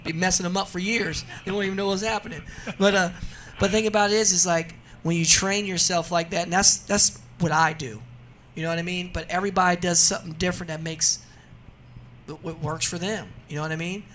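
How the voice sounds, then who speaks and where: Radio guest, a man with a high voice, chatty and animated, laughing easily. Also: brisk, a little hiss or hum. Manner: animated storyteller, laughs often, says "you know what I mean". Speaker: racing guest. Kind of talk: casual radio interview chat.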